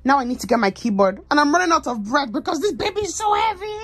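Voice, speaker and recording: A young woman narrating her own comedy skit with dramatic, exaggerated delivery and deadpan asides. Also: high voice, fast talker. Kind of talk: comic narration. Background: background music.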